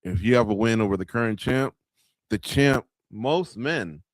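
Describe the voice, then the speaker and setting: Speaking at normal speed in a fairly low voice, this radio show host runs a live fight-night watch-along. His commentary is loose and chatty, aimed directly at viewers and full of filler words, captured in clean studio quality without room sound.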